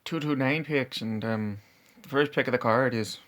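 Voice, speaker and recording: A man's voice: mid-range voice, normal speed, fairly bright tone. Laid-back hesitant male vlogger. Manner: laid-back, hesitant, often trails off and restarts. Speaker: vlogger giving fight predictions. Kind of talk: casual talk to camera.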